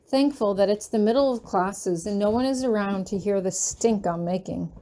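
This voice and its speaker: A woman's voice: medium pitch, animated, moderate pace, warm tone. A woman narrating a fanfiction chapter in the first person, reading earnestly and with emotion. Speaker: fanfiction reader.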